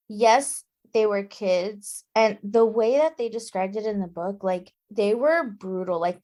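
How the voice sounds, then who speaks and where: A woman co-hosting a relaxed book-club chat. She talks emphatically and punches her reactions with exclamations. Her pitch sits in an ordinary middle range. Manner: emphatic and exclamatory, quick to get indignant. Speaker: podcast co-host.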